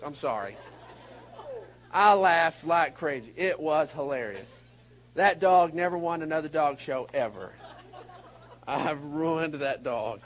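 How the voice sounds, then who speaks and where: A high-voiced man preaching to a congregation, animated and full of sudden leaps between loud, shouted moments and hushed, wry asides. His voice sits well above the usual male range, and he keeps the room with a storyteller's rhythm. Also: poor audio. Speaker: pastor. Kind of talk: sermon. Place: church hall before a congregation.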